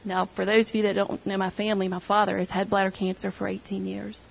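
A woman's voice: medium pitch, level tone, quick pace, gravelly, rough recording. A middle-aged woman sharing an emotional personal testimony with her church group, retelling conversations as she goes. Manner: emotional storytelling, quoting others.

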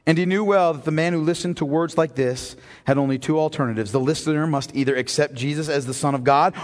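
A man's voice: mid-range voice, big-room sound. A man preaching a sermon, moving from joking stories to solemn, emphatic points. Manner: animated storytelling preacher, shifts from jokes to solemn emphasis. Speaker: pastor.

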